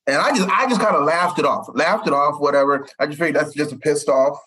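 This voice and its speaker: A man in his forties, a sportswriter, telling stories in an animated way and tripping over repeated words. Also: quick pace, rough recording. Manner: animated, repeats words, jumps up in pitch for quoted voices. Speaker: sportswriter guest. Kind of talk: storytelling in conversation.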